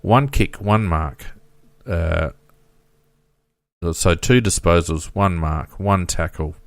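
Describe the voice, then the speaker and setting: A man's voice: sits low, slow pace, vocal fry, no echo. A man co-hosting a casual football podcast, reading out stats with frequent fillers. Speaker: podcast co-host.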